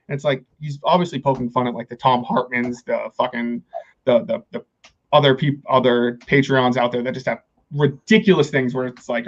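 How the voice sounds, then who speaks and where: A man's voice: medium pitch, fairly even intonation, a little fast. Guy hosting a podcast, chatty and sweary, keeps restarting, kinda muffled sound. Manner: rambling, profane, many restarts. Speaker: podcast host. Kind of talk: casual chat.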